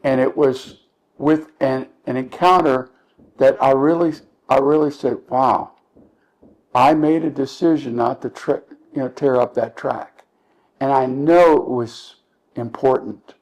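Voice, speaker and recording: A middle-aged man, a street evangelist, telling a personal testimony in an earnest, halting way with many restarts. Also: medium pitch, darkish tone, rough recording.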